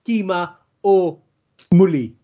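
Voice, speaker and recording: A man, co-hosting a casual chat with quick banter. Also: high voice, dark tone. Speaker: podcast co-host. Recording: dull lo-fi sound.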